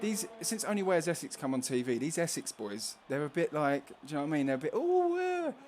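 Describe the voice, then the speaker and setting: With a London Cockney accent, a jokey race commentator hosts a casual live stream and reads out chat between laps. His fairly high voice is expressive and fast. Background noise is present.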